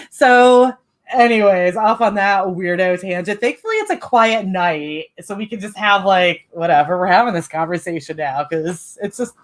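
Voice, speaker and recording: A woman hosting a live writing-sprint stream, chatting casually and rambling with many fillers and giggles. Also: fairly low pitch.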